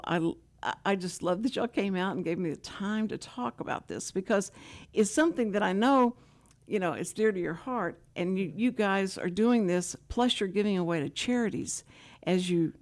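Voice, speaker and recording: A woman's voice: fairly low pitch, a little mellow. An older woman hosting a local radio talk show, telling stories in a chatty way and acting out quoted dialogue. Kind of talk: casual chat with guests.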